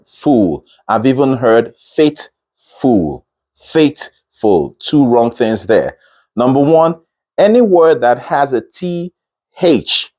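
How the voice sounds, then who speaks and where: A man teaching singing, explaining pronunciation slowly and repeating each word to demonstrate the sound. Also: mid-range voice, darkish tone. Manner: slow, demonstrative, repeats words to model sounds. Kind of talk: vocal lesson on pronunciation.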